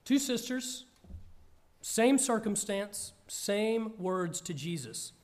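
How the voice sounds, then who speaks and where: A man reading scripture aloud and then preaching on it, slow and earnest. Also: high-pitched, expressive, darkish tone. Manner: slow, measured, earnest delivery.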